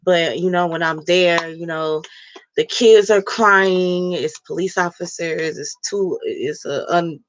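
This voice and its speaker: A woman's voice: lowish voice, slow pace. A woman talking straight to her vlog audience, bluntly and profanely, telling a heated personal story while she crafts a wreath. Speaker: vlogger. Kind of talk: casual vlog rant.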